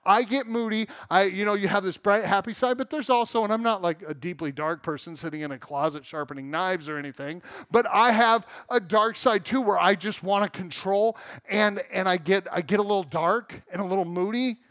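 Pastor type, middle-aged man from Southern California, high voice, dry close sound, candid and self-mocking, slips into voices he quotes. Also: a little fast, hardly any pauses, a bit bright, dry recording. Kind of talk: sermon. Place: church sanctuary.

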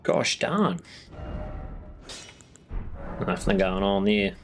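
A New Zealand man streams a game late at night and banters loosely with his chat. His pitch swings up and down while he talks slowly and swears freely. Faint game music plays under his voice. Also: lively intonation.

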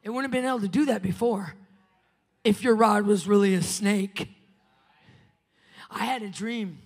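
A woman preacher giving a fiery sermon in a church, swinging between shouting and hushed whispers. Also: medium pitch, moderate pace, long pauses. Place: church sanctuary. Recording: long church-hall reverb.

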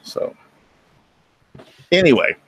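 A man's voice: slow pace, fairly bright tone. A middle-aged man, hosting a casual chat and telling folksy stories. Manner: folksy storyteller, acts out voices in anecdotes. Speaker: host.

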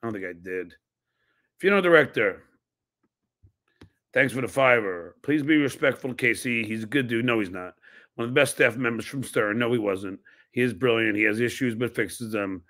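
A man with a mid-range, sharp-toned voice speaks at normal speed while hosting a podcast in casual live-stream chat. He reads viewer donations and messages aloud, then snaps back with blunt, profane retorts.

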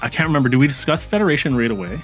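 A man's voice: medium pitch, animated, racing, soft background music. A man casually commenting on his strategy game stream, chatting with viewers and reacting as he goes, with frequent fillers and restarts.

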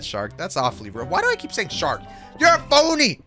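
A gaming YouTuber, an excitable young man with a slightly high voice, narrates Minecraft gameplay. His commentary is jokey and full of quick reactions, with faint music playing behind him.

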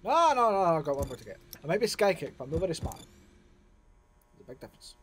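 A man's voice: a little high, big pitch swings, a little fast. A man commentating his horror game playthrough, jumpy and self-mocking, talking to himself as he plays. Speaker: gaming let's-play creator. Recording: loud game noise and sirens behind the voice. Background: loud game sound with sirens.

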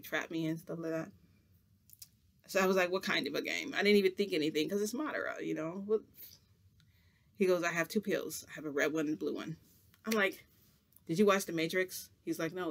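A man with a high voice tells a story in a loose, casual vlog style. He rambles, restarts sentences and laughs as he goes, with an animated delivery. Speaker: vlogger.

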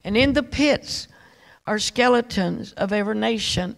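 A woman preacher quoting a sorrowful male spiritual guide in a slow, solemn voice close to her own. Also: fairly high pitch, creaky, rough recording.

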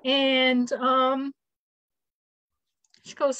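A woman's voice: a little high, moderate pace, fairly bright tone, no echo, lo-fi sound. A woman in her fifties hosting an online information session, telling a personal story in an earnest, heartfelt way and acting out the lines of the people she quotes. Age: 50s. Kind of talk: casual storytelling. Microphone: video call.

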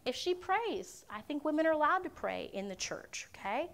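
A woman with a high, slightly bright voice speaks at normal speed and is very animated. At a Q&A teaching talk in a university conference room, she earnestly explains her views and often checks in with her listeners.

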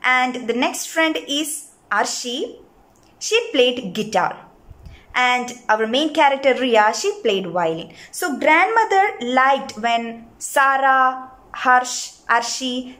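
A woman's voice: high voice, lively intonation, slow pace, fairly bright tone. A woman teacher reads a children's textbook aloud and explains each passage in simple words, asking the class questions.

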